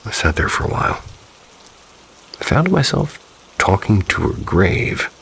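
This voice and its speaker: A man reading submitted ghost stories aloud in calm, measured scripted narration. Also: lowish voice, vocal fry, a little hiss or hum, rough recording.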